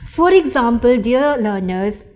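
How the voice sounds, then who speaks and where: Middle-aged woman teacher, kinda high voice, slow lecture w lots of uhs and restarts. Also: lively intonation, a little mellow. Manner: slow and deliberate, with many fillers and restarts. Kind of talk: recorded lecture.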